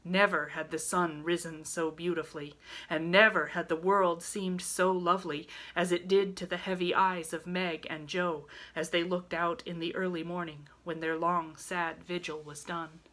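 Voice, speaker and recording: A woman reads a storybook chapter aloud at a gentle, measured pace. Her voice sits a little low yet sounds bright and clear. She reads like a pastor at story hour. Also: flat delivery.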